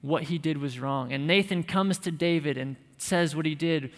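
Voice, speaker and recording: A man's voice: on the high side, moderate pace. Male preacher in a reverberant hall. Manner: emphatic, conversational, with light humor. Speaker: pastor. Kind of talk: sermon.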